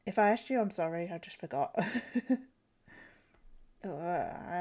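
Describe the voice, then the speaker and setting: A young woman draws on a live stream, chatting casually with viewers through a stuffy nose from a cold. Her fairly low, darkish voice is expressive and slow, with frequent pauses, giggles, and restarted sentences as she answers chat.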